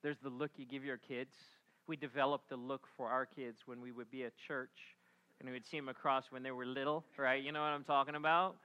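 A middle-aged man preaching a sermon, telling a story with animated delivery and acting out the voices before dropping to a hushed, reflective tone. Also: mid-range voice, a little fast, highs cut off. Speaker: pastor.

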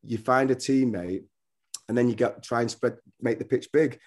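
A man's voice: mid-range voice, normal speed, darkish tone. A middle-aged man, a former footballer and coach, talking casually as a guest and telling rambling stories with many restarts. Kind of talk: casual podcast interview.

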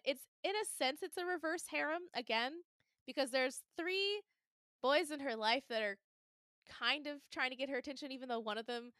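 A young adult woman hosting a casual fandom podcast, animated and laughing often as she acts out her reactions. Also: a little high, clean tone, no echo, clean studio sound. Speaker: podcast host. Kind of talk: casual chat.

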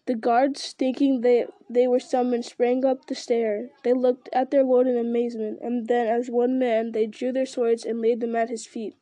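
A woman reading a fantasy novel aloud in a steady, earnest narration. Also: fairly high pitch, normal speed, hardly any pauses, no echo. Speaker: reader. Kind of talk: storybook read-aloud narration.

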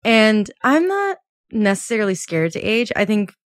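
A woman in her late twenties talks in a relaxed, chatty way as a podcast co-host, with a middle-pitched voice. She laughs easily and jumps higher when she acts out what other people said. The sound is dry and close, with no room echo. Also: moderate pace. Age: 20s. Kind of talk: casual chat.

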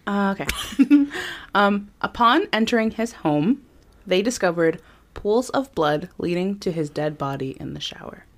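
An animated woman with a mid-range voice speaks a little slowly. As a podcast co-host, she reads from her notes to tell a true crime story in a chatty way, saying um often.

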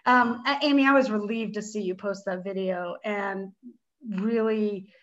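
A woman's voice: medium pitch, fairly even intonation, a little slow, a bit bright. Earnest woman on muffled audio. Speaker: panel guest. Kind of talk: casual panel discussion.

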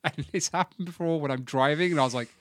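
Podcast co-host: young man, self-mocking ramble, pitched a bit high, dry studio. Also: fast talker, dry recording. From England. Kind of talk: casual chat.

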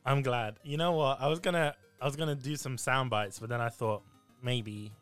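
A man's voice: mid-range voice, steady tone, normal speed, a bit bright, smooth, faint music behind. A man hosting a casual gaming podcast, chatty and loose, swearing now and then. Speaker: podcast host.

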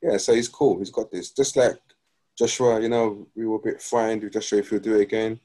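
A young man chats casually in a laid-back way. His voice is low and husky. He keeps his comments short. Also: steady tone, a little fast, dark tone. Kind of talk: casual chat.

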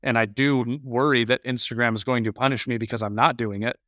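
A man co-hosting a podcast, telling a long story in a rambling, animated way during casual chat. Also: mid-range voice, fast, no echo, studio quality. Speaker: podcast co-host.

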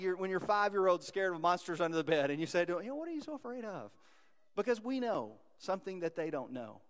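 A middle-aged male pastor preaching a sermon, retelling scripture with animated storytelling that rises with emphasis. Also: fairly high pitch. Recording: long reverb of a hall.

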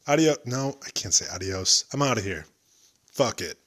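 A man's voice: fairly low pitch, expressive, moderate pace, fairly bright tone. A young man hosting a solo podcast, rambling and joking about himself. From United States. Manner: joking, rambling, self-deprecating. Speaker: podcast host.

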